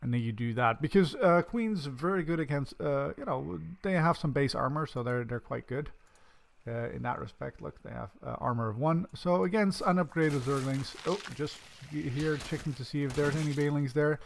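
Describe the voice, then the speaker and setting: A man with a fairly high voice and a gravelly edge commentates a strategy game by himself from home. He rambles in a friendly way, pokes fun at himself, and bursts into excited exclamations whenever the fighting starts. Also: moderate pace. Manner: chatty, self-deprecating asides, excited bursts during action. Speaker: game caster. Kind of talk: casual solo game commentary.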